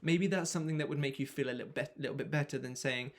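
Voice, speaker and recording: A man with a gravelly, fry-edged voice explains a self-help method. He coaches listeners by asking a string of yes-or-no questions. His tone is frank, and he swears now and then. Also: mid-range voice, fast talker. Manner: coaching through repeated rhetorical questions. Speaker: manifestation coach.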